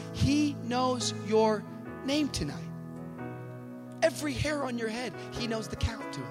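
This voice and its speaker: A man preaches a sermon in a strikingly high voice, shifting from easy, joking asides to loud, climbing declarations. He is heard live in a large hall with a long echo trailing his words. Faint music plays behind him. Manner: builds from conversational to shouted, with jokes and laughs.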